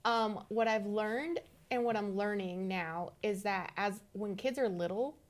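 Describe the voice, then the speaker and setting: A woman in her thirties co-hosting a podcast, telling a story in a casual, animated way and acting out the dialogue. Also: medium pitch, unhurried. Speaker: podcast co-host. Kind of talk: casual conversation.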